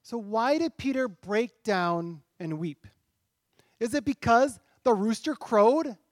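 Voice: mid-range voice, animated, slow pace, no echo, studio quality. A pastor preaching a sermon in a church, talking conversationally and asking rhetorical questions.

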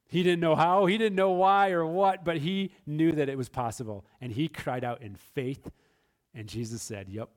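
A man preaching a sermon with a slightly higher-than-average voice. He moves between quiet, hushed passages and loud, emphatic bursts. He addresses his congregation directly as a pastor. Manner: dynamic preaching, swinging between soft and emphatic.

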